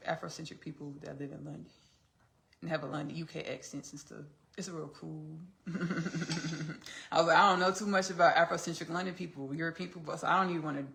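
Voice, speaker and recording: A woman's voice: low voice, creaky, a bit bright, echoey room. A Texan woman hosting a podcast in casual chat while she cooks in a home kitchen, rambling, laughing often and calling her listeners "baby" and "y'all". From Austin, Texas. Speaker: podcast host.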